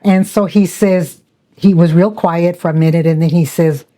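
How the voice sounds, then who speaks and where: A woman's voice: lowish voice, fairly even intonation, moderate pace, warm tone. An older woman, an interview guest, recounting how scammers called her, quoting their words and urging viewers to hang up. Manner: retells calls with quoted voices, emphatic warnings. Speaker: interview guest, scam victim. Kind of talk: animated storytelling.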